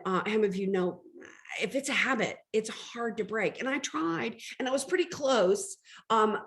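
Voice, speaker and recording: A middle-aged woman speaks as a life coach at an ordinary middle pitch. She tells personal stories in a chatty way and talks straight to her audience. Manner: chatty storytelling, addresses audience directly. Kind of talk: motivational talk.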